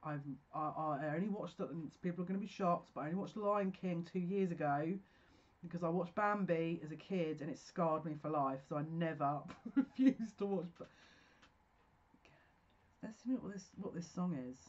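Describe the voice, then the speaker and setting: A woman's voice: fairly low pitch, moderate pace, lo-fi sound. A woman giving a pick-a-card tarot reading, effusive and emotional, talking in bursts with restarts.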